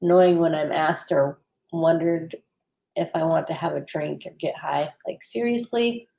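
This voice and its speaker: A woman's voice: sits low, measured pace, vocal fry, mellow, a little hiss or hum. A woman co-hosting a recovery livestream, reading viewer comments aloud and chatting, laughing easily. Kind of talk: casual live chat.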